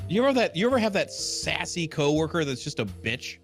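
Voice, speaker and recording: A man's voice: fairly high pitch, sing-song, brisk, vocal fry, soft background music. A man chatting casually as a player in a tabletop game, hesitant and joking.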